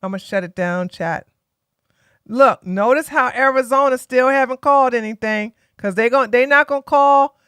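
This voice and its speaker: Sassy woman streamer, crisp voice. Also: high-pitched, moderate pace, a bit bright, no echo, studio quality. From Georgia, USA. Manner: blunt, sassy, talks straight to chat. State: tired. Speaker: political live stream host. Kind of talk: casual live stream chat.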